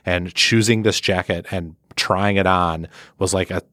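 A man's voice: low-pitched, steady tone, measured pace, a bit bright, no room sound. A man co-hosting a podcast in casual chat, tossing in dry, sarcastic jokes. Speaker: podcast co-host.

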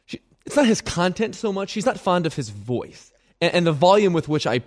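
Guy co-hosting sports radio, stumbles over words, dry jokes, lively up-and-down voice, kinda high. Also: fairly quick. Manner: self-deprecating, stammering, dry jokes. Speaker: radio co-host. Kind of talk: casual sports radio chat.

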